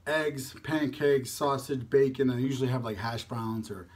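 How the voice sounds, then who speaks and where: A young man hosting a mukbang video, chatting casually while he eats and a little out of breath, rambling and dropping into soft mumbled asides. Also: medium pitch, normal speed, husky. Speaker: mukbang vlogger. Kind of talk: casual chat while eating on camera.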